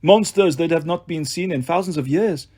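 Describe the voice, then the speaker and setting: A man's voice: on the high side, normal speed, mellow, slightly rough. A man reading a storybook, voicing a cold, mocking monster who poses as a schoolteacher. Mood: menacing. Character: menacing male monster posing as a school official.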